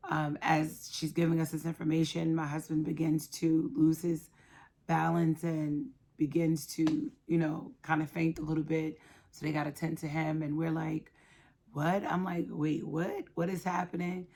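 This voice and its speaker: Woman in her 30s telling her story, low flat voice, lots of pauses and ums. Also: creaky. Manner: halting, soft-spoken, many pauses and fillers; emotional, quietly reliving a loss. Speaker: guest sharing her story. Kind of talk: personal storytelling.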